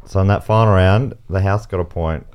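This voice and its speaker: A man's voice: low-pitched, a little fast, a little mellow, smooth. An Australian man hosting a comedy game show podcast, reading out answers and joking with guests, often laughing. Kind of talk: casual podcast banter. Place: podcast studio.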